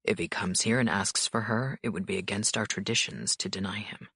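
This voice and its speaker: A cool, controlled mafia boss in a lowered, gravelly voice. He speaks calmly and evenly, with a husky edge, and the recording is dry and close. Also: no room sound, full character voice. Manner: calm, low, measured delivery.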